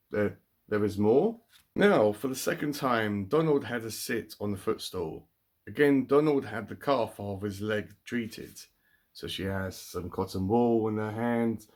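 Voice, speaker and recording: A man casually reading a children's picture book aloud, breaking off for chatty, wry asides. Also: lowish voice. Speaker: book reviewer.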